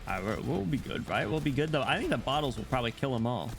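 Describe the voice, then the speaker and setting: Brief: young male streamer, animated pitch, chatty, faint music behind. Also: quick pace, creaky. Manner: lively, joking, self-interrupting. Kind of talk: casual gameplay chat.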